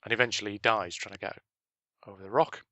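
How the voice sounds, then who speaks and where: A man's voice: lowish voice, fairly even intonation, fast, pushed and bright, no room sound. A man co-hosting a casual business chat, telling stories with dry punchlines. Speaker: podcast co-host.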